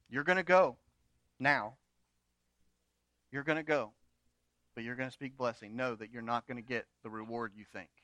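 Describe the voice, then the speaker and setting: A man's voice: medium pitch, sharp tone, no echo. A man pastor preaching a sermon, retelling a story with humorous asides.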